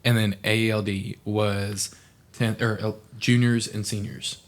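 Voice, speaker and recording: Lively low-voiced young man telling stories. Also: unhurried. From Oklahoma. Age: young adult. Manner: animated storyteller, acts out quoted people. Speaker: podcast guest. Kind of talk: casual storytelling chat.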